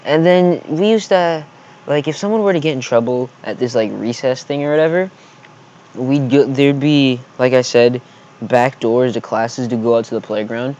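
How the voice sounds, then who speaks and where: A man's voice: mid-range voice, moderate pace, darkish tone, highs cut off. A man telling a storytime vlog, rambling and swearing heatedly as he recounts a school fight. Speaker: vlogger.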